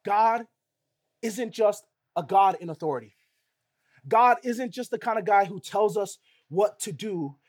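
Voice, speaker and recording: A man's voice: sits high, a little slow. A middle-aged male pastor preaching a sermon in a conversational way, often asking rhetorical questions of the listeners.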